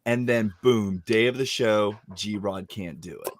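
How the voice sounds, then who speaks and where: A man hosting a podcast, telling stories in animated casual chat and swearing often. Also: fairly low pitch, a little slow, slight background noise. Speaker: podcast host.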